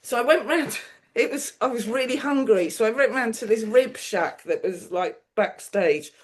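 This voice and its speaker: A middle-aged woman tells stories in an animated, chatty way, often laughing. Her voice sits a little high. She acts out the people in her stories as she goes. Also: normal speed. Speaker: guest, TV producer. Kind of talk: casual chat, anecdote telling.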